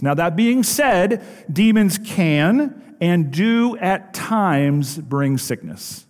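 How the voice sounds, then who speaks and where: A man's voice: mid-range voice, lively intonation, a little slow, darkish tone. A pastor preaching a sermon in an emphatic way, putting rhetorical questions to his congregation. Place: church sanctuary. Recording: long hall reverb.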